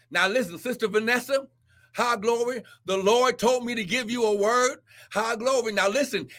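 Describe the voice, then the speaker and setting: A male preacher delivering a fiery sermon and prophecy, shouting, whooping, and calling out "listen" and "glory" again and again. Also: high voice.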